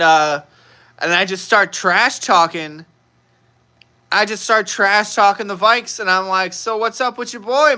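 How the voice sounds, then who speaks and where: A young man with a Chicago accent, talking casually on a live stream. His voice sits fairly high and sounds bright and forceful, and he laughs a lot as he rambles through a story. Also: clean tone. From Chicago, United States. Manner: chatty, laughs often, rambling with restarts. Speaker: live stream seller, host.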